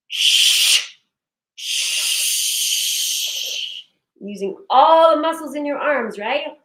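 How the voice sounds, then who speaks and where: A woman leading a guided breathing and movement session, giving slow, soothing cues and affirmations. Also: sits high. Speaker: breathwork and wellness instructor. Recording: echoey room.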